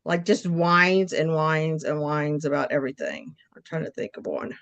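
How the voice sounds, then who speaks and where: A woman's voice: low-pitched, normal speed, a bit bright, muffled recording. A woman chatting casually, blunt and teasing, swearing freely. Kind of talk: casual chat.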